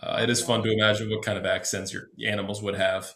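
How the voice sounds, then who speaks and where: Guy podcast cohost, bright lively voice that bounces around, roomy echo. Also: lowish voice, fast, slight background noise. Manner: expressive, laughs a lot. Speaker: podcast co-host. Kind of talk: casual chat.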